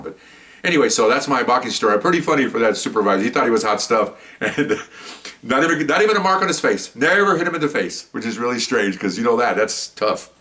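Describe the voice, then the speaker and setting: A man's voice: lowish voice, sharp tone, far from the mic. A man, a former police officer, telling a story in a casual, rambling way, repeating words as he goes. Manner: rambling, stumbles and repeats words, acts out quotes.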